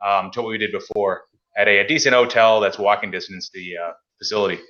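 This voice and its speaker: With a lowish, steady voice that comes across pushed and bright, a podcast host from Massachusetts talks quickly through a relaxed hobby chat. He spins stories and performs quoted phone calls, though the audio's highs are cut off.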